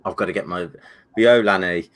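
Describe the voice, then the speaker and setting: Animated man with a Birmingham accent. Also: low voice, moderate pace. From Birmingham, England. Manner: animated, repeats words, laughs easily. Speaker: channel host. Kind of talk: casual live stream chat.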